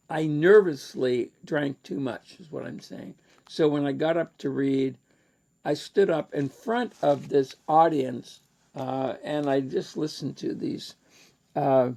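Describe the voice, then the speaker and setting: A man's voice: mid-range voice, vocal fry, darkish tone. A man with a Canadian accent telling a rambling personal story in a casual lecture, with many fillers and restarts.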